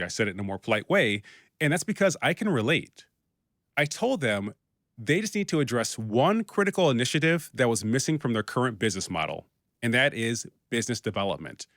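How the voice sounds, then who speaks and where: A man's voice: mid-range voice, fairly bright tone, no echo, clean studio sound. A man hosting a business podcast, delivering a direct, practical scripted monologue with the odd light joke. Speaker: podcast host and business consultant.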